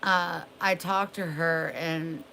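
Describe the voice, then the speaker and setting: A woman's voice: low voice, steady tone, slow pace, vocal fry, bright, forceful tone, slight background noise, low-quality recording. A young woman chatting casually on a livestream, drawling and greeting viewers by name. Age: young adult.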